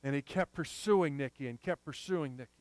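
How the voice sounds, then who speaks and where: A male preacher delivers a sermon in an emphatic storytelling manner, stretching out repeated phrases. His voice is smooth and slightly high. The sound is dry and close-miked. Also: brisk, darkish tone, no echo.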